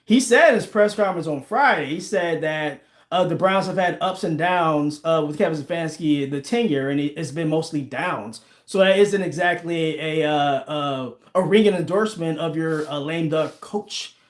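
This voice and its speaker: Male livestream host, 40s, high-pitched, laughs and banters with chat, echoey room. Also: moderate pace, few pauses. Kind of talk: casual livestream chat, reading viewer comments. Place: home room with a team flag behind.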